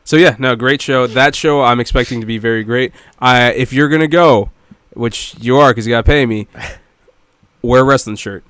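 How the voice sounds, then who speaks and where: A man co-hosting a podcast in casual chat. His voice sits in a middle register and comes across close and dry. He is animated and laughs easily. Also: medium pitch, normal speed, smooth, no echo. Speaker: podcast co-host.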